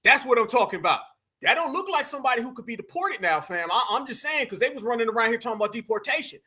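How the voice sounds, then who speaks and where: Man, high voice, very bright tone, profane emphatic commentary. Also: big pitch swings, quick pace, slightly rough. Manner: profane, emphatic, repetitive, addresses viewers as fam. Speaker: commentary channel host. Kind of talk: casual reaction commentary.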